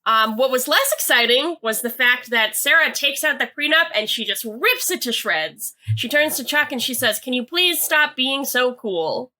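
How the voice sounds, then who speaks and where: Bright chatty woman recapping a show. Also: sits high, normal speed, few pauses. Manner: chatty, hedging with "like", reads quotes aloud. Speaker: podcast co-host. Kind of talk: casual episode recap.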